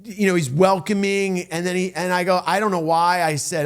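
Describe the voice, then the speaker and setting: A middle-aged man tells a story in a high, lively voice. He jumps between restarts and acts out quotes as he goes. His delivery is loose and casual. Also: moderate pace, hardly any pauses, clean tone. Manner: animated, full of restarts and acted-out quotes. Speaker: storyteller recounting a tour. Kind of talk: casual anecdote telling.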